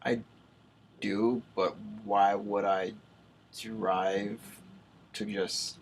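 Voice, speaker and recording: A young man hosting a casual college radio interview, teasing and quick to laugh. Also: fairly low pitch, flat delivery, a little hiss or hum, poor audio. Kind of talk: casual on-air chat.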